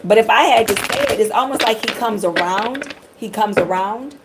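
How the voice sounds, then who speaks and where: A woman's voice: on the high side, normal speed, heavy background noise. A middle-aged woman from the Detroit area giving a live tarot reading, chatting and rambling straight to her viewers. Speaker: tarot reader.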